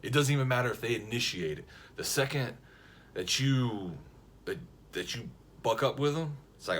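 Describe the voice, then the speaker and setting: A man casually telling a funny story to camera, lively and jokey, acting out the other people's lines as he goes. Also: medium pitch, normal speed, background noise. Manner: animated, jokey, frequent restarts and quoted voices.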